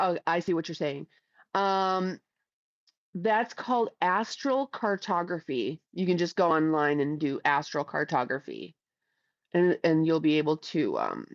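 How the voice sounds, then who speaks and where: A woman's voice: lowish voice, no echo, muffled recording. A middle-aged woman from Ohio hosting a livestream, reading chat aloud in a blunt, crude, chatty way. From Ohio, USA.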